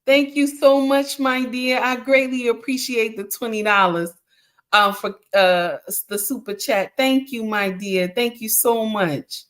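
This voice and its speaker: A woman hosting a casual livestream on relationships, speaking in an animated, preachy way, often calling listeners honey and answering chat comments. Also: on the high side, measured pace. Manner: reacts to chat comments while talking. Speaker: livestream relationship advice host.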